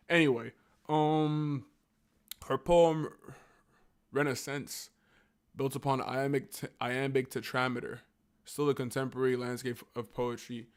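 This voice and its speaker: A man talking loosely on a livestream, in a voice pitched right in the middle for a man. He reads passages aloud with stumbles and restarts, then drifts into slangy, profane commentary. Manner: reads text aloud haltingly, then riffs on it.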